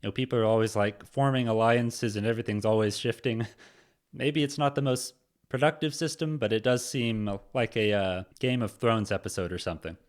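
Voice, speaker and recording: A man from the United States giving casual, animated reaction commentary, laughing often. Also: on the low side, normal speed. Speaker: reaction channel host.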